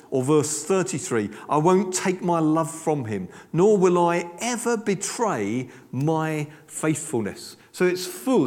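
A man's voice: a little high, a little mellow. An older man preaching a sermon in a church, emphatic, with repeated words and asides. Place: church hall. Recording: long hall reverb.

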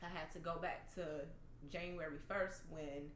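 A woman telling an emotional faith testimony in casual conversation, animated and laughing at times. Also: fairly low pitch, moderate pace. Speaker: guest sharing testimony. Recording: echoey room, faint noise.

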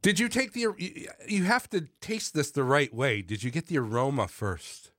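A man's voice: mid-range voice, lively intonation, normal speed, fairly bright tone, no echo. A man in a casual studio chat, talking like a playful mock connoisseur in a mid-range voice. The sound is dry and close. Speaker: radio co-host.

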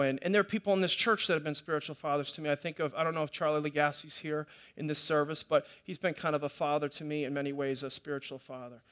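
High, bright-voiced male pastor preaching. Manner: conversational storytelling, with many restarts and repetitions. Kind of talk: sermon.

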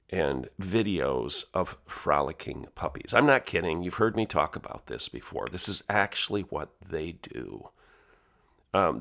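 A man hosting an opinion podcast, hoarse and gravelly from a chest cold, talking in an emphatic, indignant way. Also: low-pitched, fairly bright tone. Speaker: podcast host.

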